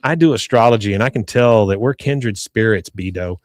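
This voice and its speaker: Man voicing a flirty astrology woman, confiding, soft, dry sound. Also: fairly low pitch, fairly quick, dry recording, lightly acted.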